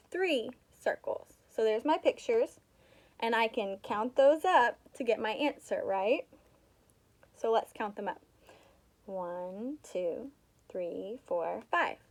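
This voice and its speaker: In a remote math lesson, a young woman with a fairly high voice patiently encourages young children, guiding them through counting and chanted rhymes.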